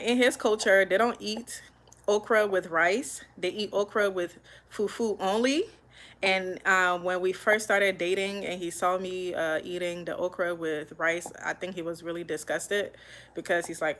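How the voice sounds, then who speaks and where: A woman's voice: lowish voice, fairly even intonation, normal speed, fairly bright tone, rough recording. A young woman from Liberia, chatting casually as she hosts a live cooking stream at home and answers viewer comments while she cooks. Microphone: phone.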